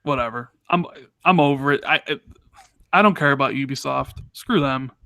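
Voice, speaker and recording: A man co-hosting a casual gaming podcast, talking in an animated, exasperated, ranting way. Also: mid-range voice, moderate pace, gravelly, no room sound, studio quality. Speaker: podcast co-host.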